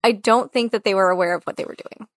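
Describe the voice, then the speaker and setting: A woman's voice: mid-range voice, quick pace, no room sound, studio quality. A woman co-hosting a casual podcast chat about a film, talking in a loose, chatty way full of "like" fillers and acting out quotes. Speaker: podcast co-host.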